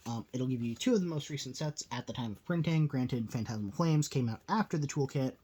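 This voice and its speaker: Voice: mid-range voice, husky. A host giving casual, rambling commentary while opening card packs, a little tired and full of fillers. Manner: rambling, filler-heavy, self-deprecating.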